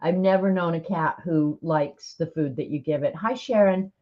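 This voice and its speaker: A chatty woman with a lowish voice hosts a live stream, rambling casually and laughing often. The audio sounds dull and lo-fi. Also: normal speed. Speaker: livestream host. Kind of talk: casual chat.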